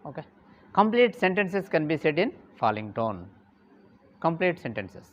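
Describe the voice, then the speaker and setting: A man giving a lesson, speaking deliberately, repeating key terms and saying "okay" often. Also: on the high side, sing-song, lo-fi sound. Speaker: English teacher. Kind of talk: classroom lecture.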